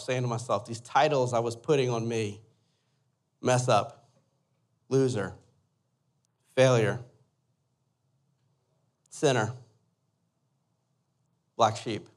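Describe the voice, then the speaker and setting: A young adult man, a pastor, telling a lively personal story in a sermon and asking the listeners to imagine along with him. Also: mid-range voice, fast, hardly any pauses. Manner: animated storyteller, asks the audience to imagine.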